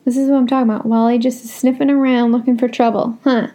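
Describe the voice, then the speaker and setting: A young woman vents on her solo podcast, casual, blunt, and frank, swearing freely. Her voice is a little high and dark in tone, level in pitch, and she talks quickly with few pauses.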